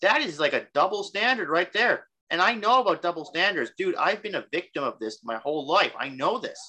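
A man co-hosting a casual podcast, rambling excitedly and acting out quotes. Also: high voice, fairly quick. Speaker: podcast co-host. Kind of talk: casual chat.

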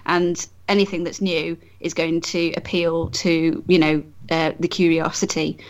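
A woman's voice: low-pitched, level tone, a little slow. A woman photographer talking as a guest in a casual podcast conversation, chatty and friendly, with many fillers and restarts.

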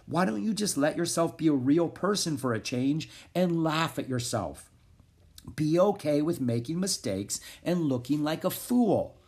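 A man reading aloud, voicing an earnest young boy adventurer who talks in a gently persuasive way, a little higher than his own voice. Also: expressive, measured pace, husky, exaggerated voice.

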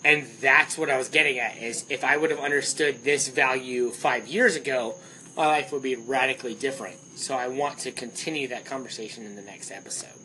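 A young man co-hosting a podcast, telling stories in animated casual chat and swearing freely. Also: mid-range voice, brisk, a little hiss or hum, rough recording. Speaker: podcast co-host.

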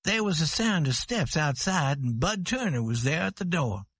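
Husky, expressive male storyteller. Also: fairly high pitch, no room sound. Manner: slow, clear, expressive. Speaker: narrator. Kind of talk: slow scripted story narration for English learners.

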